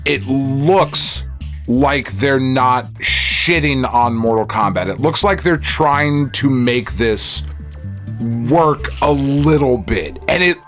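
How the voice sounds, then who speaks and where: A man's voice: medium pitch, fairly bright tone. A man co-hosting a podcast in casual chat, ranting and swearing with sarcastic asides. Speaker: podcast co-host.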